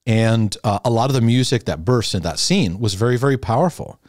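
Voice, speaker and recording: A middle-aged man speaks straight to his camera in a loose, reflective monologue, doubling back on words and breaking into small chuckles. His voice sits at an everyday middle pitch, and the sound is close and dry with no room around it. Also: lively intonation, fairly quick, darkish tone, no room sound. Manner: rambling, repeats words, restarts and chuckles. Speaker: host, former youth pastor. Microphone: camera in front of him.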